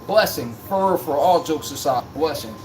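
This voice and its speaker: A man's voice: fairly high pitch, lively intonation, moderate pace, a little hiss or hum. A man hosting a live sports stream, talking in a joking, rambling, slangy way. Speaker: livestream sports podcast host. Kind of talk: casual live-stream chat.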